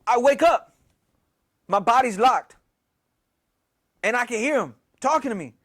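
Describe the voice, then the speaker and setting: A young man casually telling a story in slangy, profane, animated talk with a lot of repetition. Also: extremely high pitch, a little slow. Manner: slangy, profane, animated retelling with many repeats.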